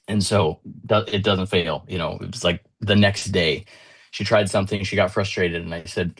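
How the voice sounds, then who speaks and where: A man with a low voice gives an earnest motivational talk. He is in his thirties. Now and then he retells conversations with his child, shifting his voice a little for each part. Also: fairly even intonation, normal speed, fairly bright tone, husky. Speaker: motivational speaker.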